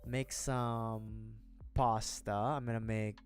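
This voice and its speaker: A man's voice: lowish voice, flat delivery, slow, soft background music. A young man livestreaming as he builds a model kit, chatting loosely with viewers in a rambling, self-deprecating way, cursing casually and laughing often.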